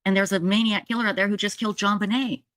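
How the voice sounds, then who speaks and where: Middle-aged woman, storytelling monologue, animated quoted dialogue, dry close sound. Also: medium pitch, fast talker, no room sound. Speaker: true crime podcaster.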